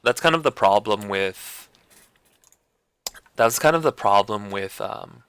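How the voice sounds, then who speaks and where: A gaming streamer talks in a casual, rambling way, restarting sentences and packing in fillers, especially "like" and "you know." His voice sits on the low side with lively intonation, a slightly slow pace, and a creaky, fairly bright, clean tone. There is no room sound.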